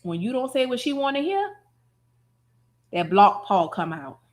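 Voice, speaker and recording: A woman streamer giving sassy, mocking reaction commentary, heavy on slang and loud laughter. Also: fairly high pitch, very animated, measured pace.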